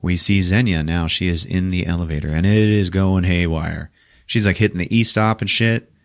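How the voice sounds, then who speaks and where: A man hosting a podcast, retelling a movie plot in a loose, profane, animated way and laughing at his own jokes. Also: low-pitched, moderate pace, clean tone. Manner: profane, animated retelling with sudden character voices. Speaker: podcast host. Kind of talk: casual movie recap.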